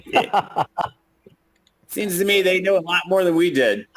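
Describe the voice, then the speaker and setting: A man's voice: sits high, takes it slowly, fairly bright tone. A man co-hosting a casual live call, laughing often and swearing freely. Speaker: co-host of a chart analysis call.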